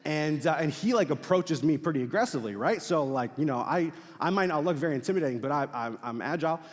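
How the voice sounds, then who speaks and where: Casual young pastor in a reverberant hall. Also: male voice, a little high, quick pace. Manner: casual, animated storytelling with fillers and laughs. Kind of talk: sermon with storytelling. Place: large church auditorium.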